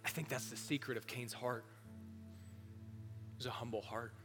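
A youth pastor preaching a sermon in a casual, animated way, talking straight to the room. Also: male voice, medium pitch, moderate pace. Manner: animated, casual, direct address. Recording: long hall reverb, faint music.

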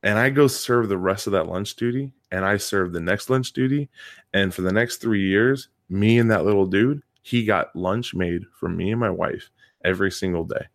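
This man's voice sits on the low side and moves at a normal speed. He's a coach and PE teacher co-hosting a podcast, telling a story in casual conversation and leaning heavily on repeated words for emphasis.

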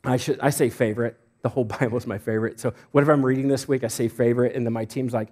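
A man's voice: medium pitch, quick pace, hardly any pauses, a little mellow. Male guest preacher, casual and joking, chatty sermon, fillers and restarts, church. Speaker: guest pastor. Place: church sanctuary.

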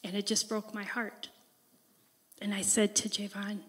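A woman reading scripture and sharing a personal story in an earnest, deliberate devotional talk. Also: mid-range voice, little pitch movement, slightly rough, in a large hall. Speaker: devotional speaker.

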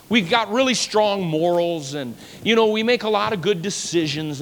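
A man preaching a sermon as pastor, emphatic and repetitive, swinging between loud declarations and hushed asides. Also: high-pitched, animated, normal speed, hardly any pauses, a little hiss or hum. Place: church sanctuary. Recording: long church-hall reverb.

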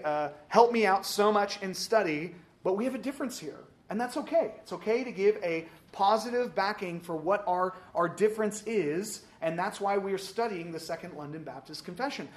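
A man's voice: sits high, normal speed. A man teaching a Sunday school class, upbeat and joking as he calls on readers. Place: church classroom.

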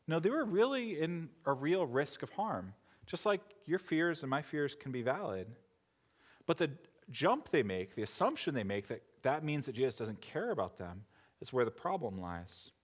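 A man preaching an earnest, conversational sermon, voicing prayers and questions as he goes. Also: mid-range voice.

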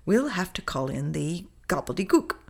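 A woman's voice: fairly low pitch, very animated, normal speed, vocal fry, a little mellow, husky, exaggerated voice. A woman voicing a dismissive male hospital doctor who speaks in a clipped, matter-of-fact way. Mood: brisk.

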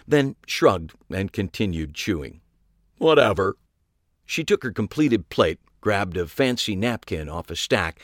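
A man's voice: sits low, no echo. A man narrating a story in the first person, dry and wry in tone. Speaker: audiobook narrator.

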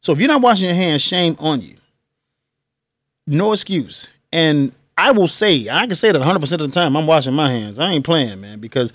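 Man, podcast host, high voice, emphatic, slangy, dry close recording. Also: fairly quick, dry recording. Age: adult with children. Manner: animated, emphatic, laughs often, slangy asides. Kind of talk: casual solo commentary.

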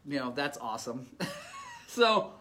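A middle-aged man casually telling a race story, animated and self-mocking, laughing often. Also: medium pitch, measured pace, a little hiss or hum. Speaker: off-road motorcycle racer telling a race story.

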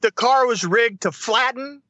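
A man's voice: very high voice, unhurried, sharp tone, no echo. A man in a casual conversation who laughs often and rambles as he tells his own story. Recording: dull dry lo-fi sound.

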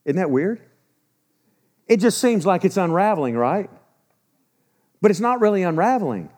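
Older male preacher in his sixties, fairly high voice, emphatic and urgent, drops low for warnings. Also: very animated, normal speed. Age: 60s. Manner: emphatic, swings between loud urgency and low grave warnings. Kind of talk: sermon.

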